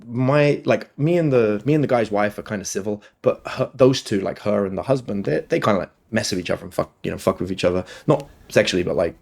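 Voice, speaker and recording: A man's voice: fairly low pitch, lively intonation, quick pace, gravelly, hardly any pauses, darkish tone. A man telling rambling personal stories as a podcast guest, often swearing and quoting himself. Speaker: podcast guest, dating coach. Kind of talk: casual storytelling in conversation.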